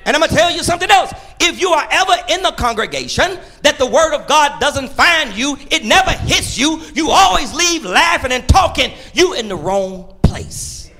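Church preacher guy, big swings from shouting to hushed, high animated voice, bright tone. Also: normal speed, hardly any pauses, soft background music. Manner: call-and-response preaching, swinging between shouts and quiet asides. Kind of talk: sermon. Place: church sanctuary.

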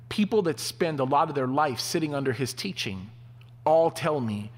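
A man preaching a sermon, telling stories in an animated way. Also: mid-range voice, moderate pace. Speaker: pastor. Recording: long hall reverb.

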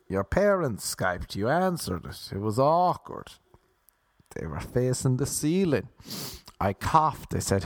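Young Irish man, comic rambler, slow drawl with a gravelly edge. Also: on the high side, animated, no room sound, clean studio sound. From Ireland. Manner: playful, drifts into sing-song crooning bits.

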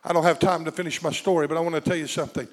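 A man's voice: a little high, fairly even intonation, rapid-fire, a crowd in the background, noisy background. A man preaching a sermon with passion, calling out to his congregation and drawing responses from them. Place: church sanctuary. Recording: long reverb of a large hall.

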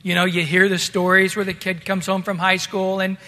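A male pastor preaching a sermon in a relaxed, conversational way, talking to his listeners as guys. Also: high voice, normal speed, in a large hall.

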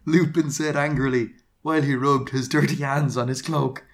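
A man's voice: mid-range voice, fairly even intonation, normal speed. A man co-hosting a casual podcast, reading fan fiction aloud in a mock-dramatic way, laughing and swearing often. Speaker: podcast co-host.

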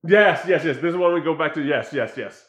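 A man's voice: on the high side, animated, a little fast, fairly bright tone. A man recapping a film plot in casual chat, laughing often and stumbling through restarts. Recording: echoey room.

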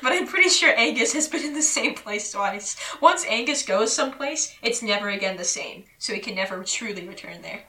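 Woman podcast co-host, bright and sharp tone, slightly distant mic, playful and excitable. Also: a little high, a little fast, hardly any pauses. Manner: laughs often, teasing and excitable. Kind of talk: casual fan podcast chat.

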